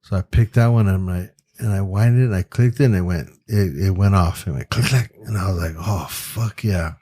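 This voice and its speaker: A man with a lowish voice tells a story from his career in loose, casual talk. He swears often, leans on "you know" and "like," and acts out what people said. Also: fast talker. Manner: profane, animated, acts out quoted voices; frequent fillers like "you know" and "like". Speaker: podcast guest, photographer.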